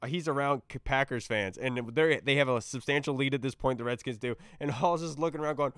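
A man hosting a casual sports podcast, talking in an excitable, rambling way as he tells stories and reads out fan questions. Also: medium pitch, fairly quick.

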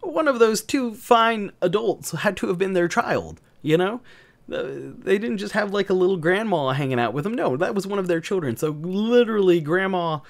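A man's voice: high-pitched, expressive, moderate pace, vocal fry. A man from the American South telling a story, crude and joking, rambling with many fillers. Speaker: gaming channel host. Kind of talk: casual storytelling.

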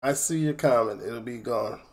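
A man's voice: medium pitch, normal speed, slight background noise. A man from Chicago hosting a reaction video, laid-back and dropping wry asides. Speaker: reaction channel host. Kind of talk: casual reaction commentary.

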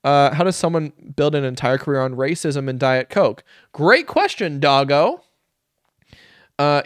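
A man hosting a live-stream reaction, cracking sarcastic, profane jokes and laughing often. His pitch swings all over the place. The sound is dry and close. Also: a bit bright, no echo.

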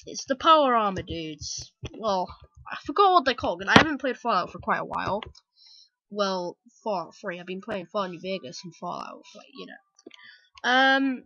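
British woman, let's-play host: chatty, excitable, bright tone, dry and slightly dull recording. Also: on the high side, moderate pace, no echo. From Britain. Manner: chatty, excitable, rambling asides. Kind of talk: casual gameplay commentary.

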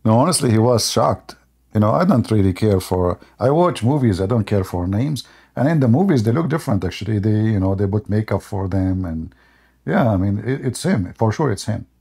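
A man hosts a debate show in a loose, mocking monologue, drifting into long personal anecdotes. His voice is husky and raspy, with a dark, mellow tone. He chuckles often as he talks. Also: on the low side, expressive, a little fast. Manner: rambling anecdotal storytelling.

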